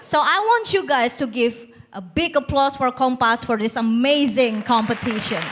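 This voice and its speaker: A woman's voice: high voice, moderate pace, a crowd in the background, background noise. A young woman performing a stand-up comedy routine on a TV competition stage, with a bold, teasing, self-mocking delivery.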